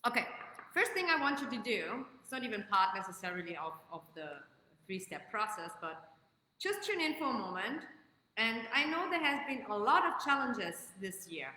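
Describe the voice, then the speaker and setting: A woman hosting a live-stream coaching session, greeting viewers by name and leading slow guided breathing. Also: a little high, very animated, pushed and bright. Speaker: host and life coach. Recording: echoey room with long reverb.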